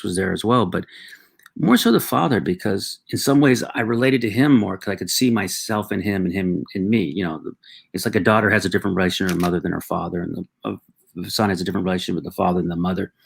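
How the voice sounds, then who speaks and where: A middle-aged man, a talk show guest, telling reflective personal stories with halting restarts. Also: low voice, creaky, slightly rough. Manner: reflective, halting, with frequent restarts and acted quotes.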